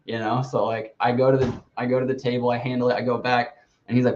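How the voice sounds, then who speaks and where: A man's voice: medium pitch, little pitch movement, fast, darkish tone, a little hiss or hum. A man hosting a podcast in casual chat, telling a long story with lots of "like" and restarts. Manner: rambling storyteller, heavy use of "like". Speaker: podcast host. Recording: slightly dull lo-fi recording.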